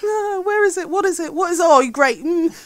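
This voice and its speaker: Scared woman gamer, high voice that swings all over, panicky and swearing, game music behind. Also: animated, normal speed, a bit bright, no echo. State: frightened. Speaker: gaming streamer. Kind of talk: reactive gameplay commentary.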